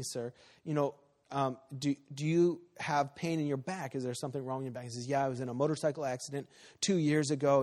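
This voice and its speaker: A man delivers a sermon from the pulpit, his voice a little high for a man. He preaches conversationally, slipping into the voices of the people in his stories. The sound rings with a long reverb from a large church hall. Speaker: pastor. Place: church sanctuary.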